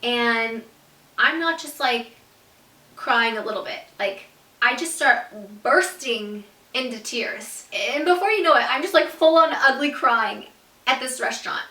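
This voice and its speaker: Young woman vlogger, bright slightly high voice, chatty storyteller, roomy echo, a bit off-mic. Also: measured pace, distant mic. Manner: animated, swearing, lots of "like", laughs through story. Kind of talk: storytime vlog.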